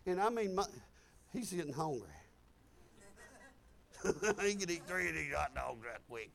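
A male pastor preaching a sermon, telling personal stories in an animated, exclamatory way. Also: fairly high pitch, unhurried, gravelly. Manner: animated, exclamatory, chuckling storyteller.

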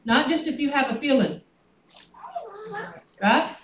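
High-voiced woman preaching. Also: lively intonation, takes it slowly, long pauses. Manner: folksy, calls on the congregation for responses. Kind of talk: sermon. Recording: echoey room, mic at a distance, noisy.

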